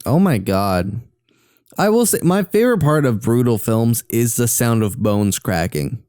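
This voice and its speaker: A young man with a Southern US accent, co-hosting a casual movie watch-along podcast, quick to agree and easily excited. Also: medium pitch, clean tone, no room sound, studio quality. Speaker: podcast co-host.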